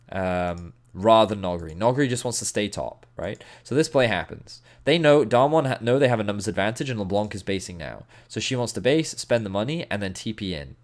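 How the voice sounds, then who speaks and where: A man giving an animated, emphatic game review commentary as an esports analyst, with playful asides. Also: on the low side.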